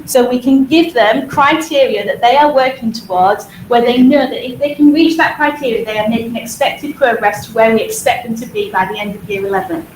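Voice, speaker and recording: Fast-talking Hull woman in an echoey hall. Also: a little high, a little hiss or hum. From Hull, England. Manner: fast-talking, energetic, repeats words for emphasis. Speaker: music teacher. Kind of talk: school presentation to parents. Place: school hall.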